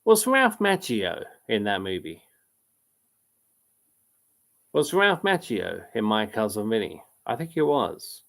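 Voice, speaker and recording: A man's voice: lowish voice, big pitch swings, unhurried, gravelly, fairly bright tone. A man hosting a live quiz stream, reading out chat comments and rambling casually about films, often breaking off mid-sentence and laughing.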